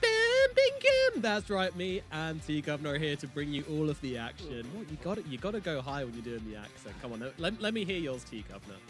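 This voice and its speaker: A man's voice: a little high, lively intonation, quick pace, few pauses, over music. A man hosting an esports broadcast from a studio, upbeat and bantering with his co-host.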